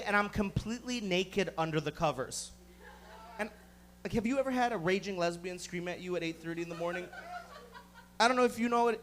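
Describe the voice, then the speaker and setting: A man in his thirties doing a profane stand-up comedy set, loudly acting out the people in his stories. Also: sits high. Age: 30s. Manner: profane, loud, acts out voices in his stories.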